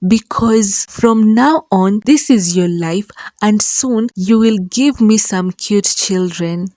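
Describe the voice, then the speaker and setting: A man's voice: high-pitched, takes it slowly, a little mellow, no echo. A woman voicing a rich old man who forces a young woman to marry him, speaking in a commanding, threatening way. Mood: menacing. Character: rich old man forcing a bride, menacing.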